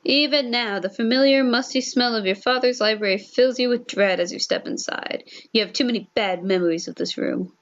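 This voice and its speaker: A woman's voice: on the high side, fairly quick, few pauses. Young female streamer, chatty and self-mocking, lo-fi headset sound. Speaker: game streamer. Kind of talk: casual let's-play commentary and reading.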